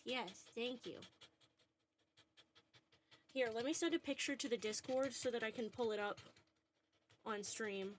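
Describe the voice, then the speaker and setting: A woman chatting casually on a livestream from home, talking softly and cooingly to her dog between remarks, into a desk microphone. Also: on the high side, a little slow, long pauses, a little hiss or hum. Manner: soft, cooing talk soothing her dog. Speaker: streamer. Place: at home indoors.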